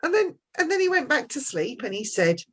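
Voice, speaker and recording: A woman guest telling stories in a casual chat, chatty and quick to laugh. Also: high voice, very animated, fairly bright tone.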